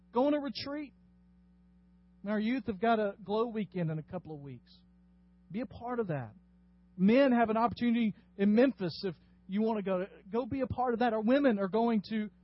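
A man's voice: high voice, muffled recording. A man preaching a sermon as pastor, earnest and exhorting. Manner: earnest, exhorting, rising to emphatic bursts.

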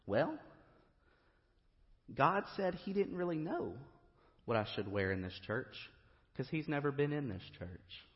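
A man's voice: a little high, big pitch swings, measured pace, pauses often, pitched above the performer's own voice. A man voicing a poor, hopeful young mother who speaks humbly and simply. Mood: humble. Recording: reverberant hall, dull lo-fi.

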